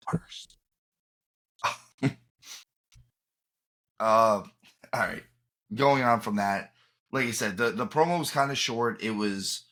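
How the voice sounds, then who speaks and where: A man's voice: lowish voice, a bit bright. A man co-hosting a podcast in casual chat, opinionated and emphatic, often restarting his sentences. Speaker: podcast co-host.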